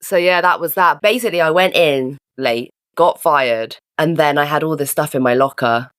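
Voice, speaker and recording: Low-voiced giggly woman. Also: normal speed, dry recording, studio quality. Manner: rambling, giggly storytelling. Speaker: podcast co-host. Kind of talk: casual chat.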